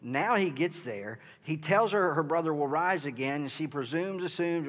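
A male pastor preaches earnestly in a fairly high, a bit bright voice with lively intonation at normal speed. He often asks "right?" and stumbles over the beginnings of sentences, and a hall's long reverb fills the recording.

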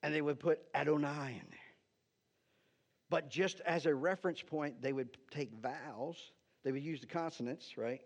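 Over dull lo-fi audio, a man, a pastor, teaches his sermon conversationally at a normal speed in a voice that's a little high. He often asks "right?" and addresses the slide operator between points.

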